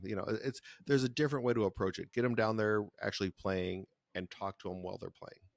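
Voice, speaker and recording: A man's voice: lowish voice, steady tone, quick pace, vocal fry, no echo. A man co-hosting a podcast, talking casually and rambling with many restarts. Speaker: podcast co-host. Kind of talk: casual chat.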